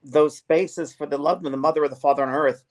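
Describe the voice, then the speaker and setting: Earnest middle-aged man, halting and repetitive. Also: on the high side, steady tone. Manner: earnest, repeats himself with many restarts. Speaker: medium and show host. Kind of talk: casual spiritual conversation.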